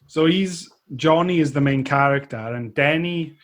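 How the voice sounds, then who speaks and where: A man's voice: on the high side, measured pace. A man co-hosting a podcast, chatting casually about a film, swearing, laughing and quoting lines. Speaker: podcast co-host. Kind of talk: casual chat reviewing a film.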